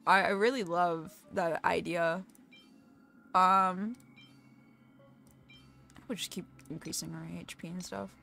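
A woman's voice: on the low side, steady tone, takes it slowly, creaky, pauses often, sharp tone, soft background music. A young woman streaming a game, chatting casually, swearing freely and poking fun at herself. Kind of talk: casual live-stream gaming chat.

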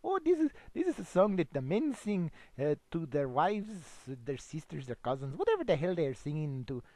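A man's voice: a little high, moderate pace, no room sound. A man doing a bumbling broken-English radio DJ. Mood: rambling. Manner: broken English, exaggerated put-on foreign delivery; rambling, excitable, swings between loud bursts and mumbles. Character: bumbling foreign-sounding male radio DJ, rambling and crude. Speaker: comic radio host persona. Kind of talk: improvised comedy monologue. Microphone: home computer microphone.

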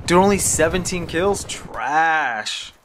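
A young man commenting on his own gameplay, cursing and laughing at his mistakes. His pitch jumps all over as he reacts. A faint hum sits behind him. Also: slow pace. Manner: swearing, self-deprecating, excitable.

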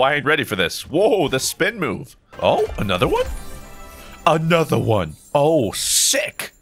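A young American man talks his way through a game's loot boxes with lots of energy, his voice leaping up and down in pitch. He gasps, squeals and hums little tunes as he reacts. Faint game music plays under his voice. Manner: animated, gasps and squeals at loot drops, sings and hums along. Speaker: gaming YouTuber. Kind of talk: excitable gameplay commentary.

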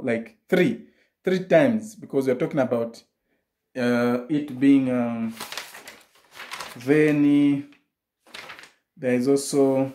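A man's voice: medium pitch, dark tone, reverberant, low-quality recording. A man teaching a maths lesson, explaining step by step, often restarting and repeating key phrases.

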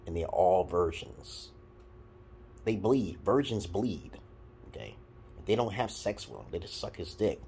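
New york guy ranting to camera, low husky voice, crude and blunt, lively pitch. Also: unhurried, long pauses, slight background noise. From Brooklyn, New York. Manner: blunt, crude, animated, swings between loud and muttered. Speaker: vlogger giving dating advice. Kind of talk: casual rant to camera.

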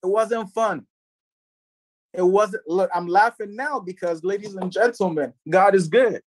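A man in his twenties giving a preachy, repetitive motivational sales pitch to listeners on a group call. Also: measured pace, no room sound. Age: 20s. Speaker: network marketing presenter.

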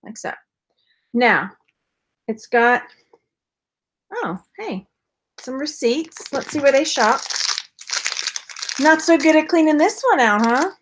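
A woman's voice: high voice, lively intonation, takes it slowly, long pauses. A woman chatting casually on a live stream, playful and rambling, throwing in silly sound effects. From Texas. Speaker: vlogger unboxing purses.

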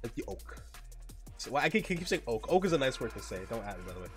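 A man's voice: mid-range voice, very animated, fast, faint music behind. A young man streaming a game, chatting casually in a joking, profane way with frequent laughs. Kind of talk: casual gameplay chat.

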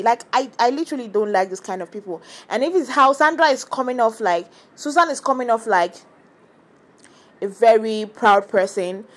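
A young woman chatting casually and with strong opinions as she recaps a reality TV episode, often acting out what the cast said. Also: on the high side. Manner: chatty, opinionated, animated quoting of cast members. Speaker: reality TV commentator. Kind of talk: casual reaction vlog.

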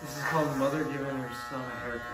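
A man's voice: mid-range voice, steady tone, brisk, echoey room, heavy background noise. A young man getting his head shaved, laughing, swearing and joking with his family. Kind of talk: casual family banter. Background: loud music and electric clippers.

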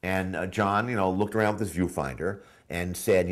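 A man's voice: low-pitched, steady tone, normal speed, hardly any pauses. A man, a screenwriter, telling a rambling story in a documentary interview, full of fillers and restarts.

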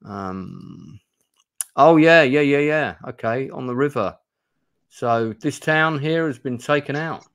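A man's voice: mid-range voice, slow pace, a bit bright, no room sound, clean studio sound. A man hosting a live stream, reading a gamebook aloud and chatting in a rambling, self-deprecating way. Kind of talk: live-stream play-through narration and chat.

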